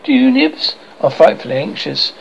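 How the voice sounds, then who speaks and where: Man putting on a fretful little boy, high voice, dull old audio. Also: sing-song, moderate pace, vocal fry, slight background noise, full character voice. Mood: anxious. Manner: anxious. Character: anxious young twin boy.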